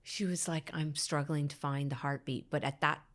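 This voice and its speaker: Low-voiced woman, hushed storytelling. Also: steady tone, normal speed. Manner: drops to a hushed whisper at painful moments; acts out others' words in quotes. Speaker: podcast guest. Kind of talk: emotional personal storytelling.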